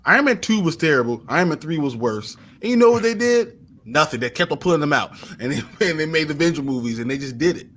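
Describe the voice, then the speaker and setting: A man's voice: on the high side, lively intonation, fast, fairly bright tone, a little hiss or hum. Opinionated man in casual podcast chat. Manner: opinionated, gets worked up. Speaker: podcast co-host.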